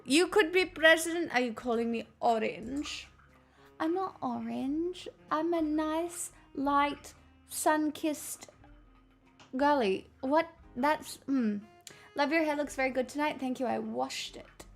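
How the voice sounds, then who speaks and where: A woman's voice: sits high, fairly bright tone. A young woman hosting a live stream, chatting casually with her viewers in a playful, teasing way and laughing often. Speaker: livestream host chatting with viewers.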